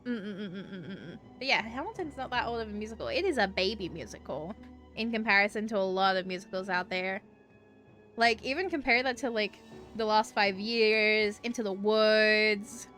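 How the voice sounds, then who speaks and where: An Australian woman whose accent has an Americanized tinge chats on a game stream, rambling casually, saying "like" constantly, and swearing freely. Her mid-pitched voice is a bit bright, at a moderate pace, over soft background music.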